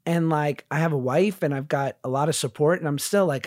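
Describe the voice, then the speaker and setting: A man in his thirties, a guest actor in a casual interview, telling stories with quick self-deprecating humor and frequent laughs. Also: a little high, darkish tone, no echo, studio quality.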